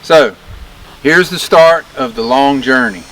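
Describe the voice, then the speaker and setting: A man hosting a documentary vlog, talking earnestly with halting pauses and fillers. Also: mid-range voice, a bit bright, soft background music, low-quality recording. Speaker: documentary host. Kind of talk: casual vlog narration.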